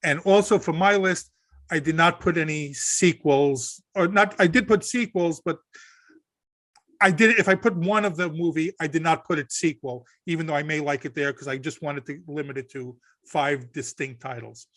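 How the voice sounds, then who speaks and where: A man's voice: fairly high pitch, normal speed, fairly bright tone, no echo. A man co-hosting a casual podcast, rambling a little and restarting his sentences. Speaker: podcast co-host.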